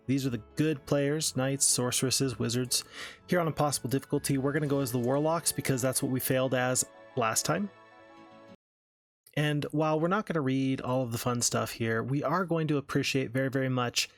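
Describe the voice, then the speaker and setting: A man's voice: mid-range voice, brisk, soft background music. A man hosting a let's-play, commenting on his strategy game as he plays and thinking aloud in an easygoing, self-mocking way. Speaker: gaming channel host.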